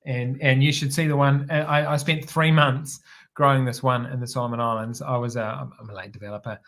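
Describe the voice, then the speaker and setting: A man with a New Zealand accent tells stories in casual talk, his voice sitting in an ordinary middle pitch. He rambles easily and trips over his words, restarting phrases and doubling them up as he goes. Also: fairly quick. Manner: relaxed, rambling, frequent restarts and repeated words. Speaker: podcast guest, former air force helicopter pilot. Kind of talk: casual storytelling interview.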